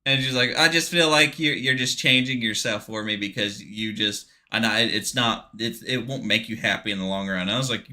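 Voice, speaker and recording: A man's voice: fairly low pitch, normal speed, few pauses. A man co-hosting a casual gaming podcast, talking candidly and swearing as he tells stories about dating. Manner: candid, swearing, animated storytelling. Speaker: streamer co-host.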